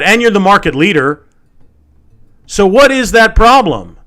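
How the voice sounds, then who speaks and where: A man in a heated solo rant, swearing freely and hammering the same points again and again. His voice sits a little high for a man, jumping up into loud outbursts and then sinking into low mutters. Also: sing-song, a little slow. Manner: heated, swearing, repeats himself. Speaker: channel host. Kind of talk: angry rant to camera.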